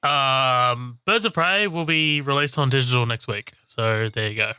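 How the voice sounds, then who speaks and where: A male podcast co-host with a very bright, crisp voice, recorded close and dry on his microphone. He talks loosely and swears freely while reviewing films. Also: mid-range voice, measured pace, no room sound. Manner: loose and profane, with laughs and self-corrections. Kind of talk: casual film podcast chat.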